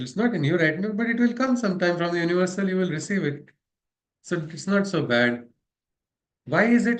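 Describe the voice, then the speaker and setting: A man's voice: on the high side, a bit bright. A man with an Indian English accent, reading spiritual letters aloud and explaining them in a conversational way, often ending on a tag question. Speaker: spiritual study-circle leader.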